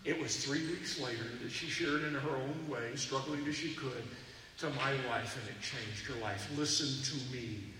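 An animated man from Texas preaches a storytelling sermon. He slips into the voices of the people in his stories. His voice comes from far off in a big, echoing hall, with noise behind it. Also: mid-range voice, normal speed. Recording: echoey hall from far off, noisy.

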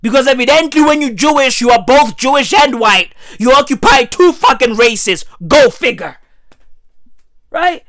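A woman rants in a heated, profane, repetitive way. Her voice sits high and swings widely in pitch. The sound is dry and close, with no room echo. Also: expressive, normal speed, a bit bright. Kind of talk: profane ranting monologue.

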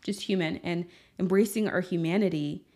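A woman's voice: on the low side, normal speed, mellow. A woman hosting a podcast, talking through a personal story in an earnest, candid way with lots of fillers. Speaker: podcast host. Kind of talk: personal reflective monologue.

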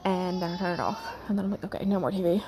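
A mother, chatting casually in a home vlog, rambling and sometimes dropping to a soft whisper. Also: lowish voice, steady tone, racing, background noise. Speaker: mother of young children.

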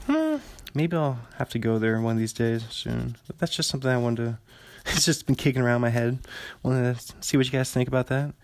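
Gravelly-voiced young man rambling casually. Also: medium pitch, a little mellow, no room sound. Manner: rambling, chuckling, easygoing storyteller. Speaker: podcast host. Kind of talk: casual solo monologue.

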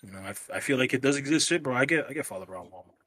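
Husky guy, bright forceful tone, cohost chatting sports, keeps saying bro. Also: medium pitch, lively intonation, rapid-fire. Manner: loose and conversational, says "bro" and "man". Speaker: podcast co-host. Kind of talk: casual sports chat.

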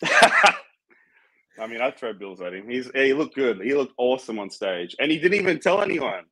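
A man's voice: medium pitch, lively intonation, moderate pace, noisy background. A man, a guest chatting casually and rambling about his brand, swearing now and then. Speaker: guest, supplement brand founder. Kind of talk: casual interview chat.

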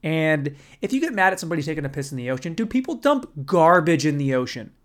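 Man, stand-up comic, profane, rambling, bro-ish, somewhat high voice. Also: sing-song, fast talker. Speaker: stand-up comedian. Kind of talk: stand-up storytelling.

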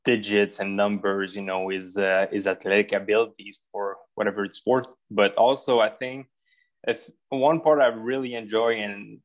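A man's voice: lowish voice, fairly even intonation, normal speed. A man in his thirties from Ottawa with a French accent, a pro football executive talking casually as a guest in an interview and leaning on lots of fillers. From Ottawa, Canada. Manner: easygoing, many fillers and restarts.

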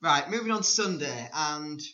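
A man's voice: fairly high pitch, lively intonation, normal speed, pushed and bright. A man co-hosting a casual sports chat, talking with wry, teasing humour. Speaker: podcast co-host. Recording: echoey room, dull lo-fi sound.

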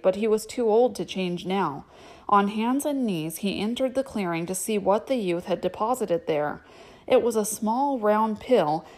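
A woman's voice: mid-range voice, darkish tone. A woman reading a novel aloud, breaking off for chatty, filler-heavy asides. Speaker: reader. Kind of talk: audiobook reading with casual asides.

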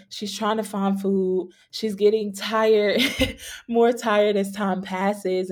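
Earnest woman podcaster with mellow voice. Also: mid-range voice. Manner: earnest, many fillers like "like" and "y'all". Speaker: podcast host. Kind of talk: casual faith podcast storytelling.

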